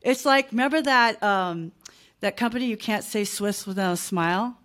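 A woman's voice: medium pitch, moderate pace, a bit bright. Chatty woman in her fifties. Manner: chatty, emphatic, peppers talk with "like", "right?" and "okay?". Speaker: guest, small business owner. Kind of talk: casual podcast interview.

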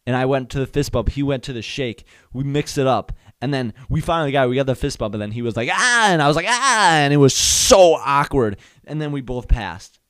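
A man's voice: medium pitch, fairly quick, few pauses, no room sound, studio quality. A young man hosting a solo podcast, telling comedic stories and acting out voices and sound effects. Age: young adult. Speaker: podcast host.

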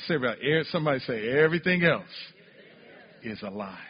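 A man's voice: mid-range voice, animated, fairly quick, breathy edge. A man preaching a sermon in a church, emphatic and full of rhetorical questions. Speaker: pastor. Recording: dull recording with long church reverb.

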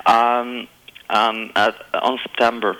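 A man from Poland with a Polish accent, chatting as a guest in halting English full of fillers and little laughs. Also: mid-range voice, flat delivery, pushed and bright, clear, resonant tone, rough recording. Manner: hesitant, halting with many fillers, laughs often. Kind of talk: casual chat.

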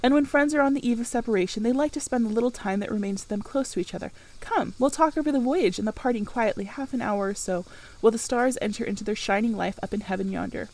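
Woman reading as a commanding brooding gentleman. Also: a little high, fast talker, poor audio. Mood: tender. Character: brooding gentleman, middle-aged man, commanding.

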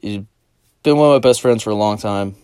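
A man's voice: fairly low pitch, fairly quick, a little mellow, clean tone, no room sound, clean studio sound. A young man hosting a podcast who tells a rambling, profane story in a laid-back, casual way. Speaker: podcast host.

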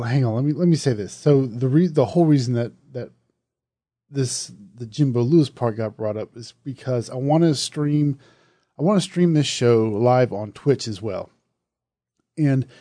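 A man with a Southern accent talks loosely and chattily as a podcast host. He often restarts and corrects himself. His voice is mellow, and the recording is dry and close. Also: medium pitch, dry recording. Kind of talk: casual solo podcast talk.

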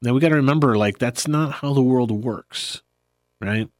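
A man hosting a podcast in a relaxed, rambling chat, often laughing. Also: medium pitch, moderate pace, dry recording, studio quality. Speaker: podcast host. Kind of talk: casual chat.

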